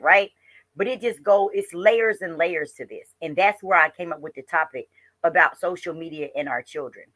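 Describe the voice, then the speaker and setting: A woman's voice: fairly low pitch, normal speed, fairly bright tone, no room sound. A woman hosting a casual reaction commentary, chatty and talking straight to her viewers. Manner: chatty, addresses viewers as y'all and honey. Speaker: host reacting to a clip.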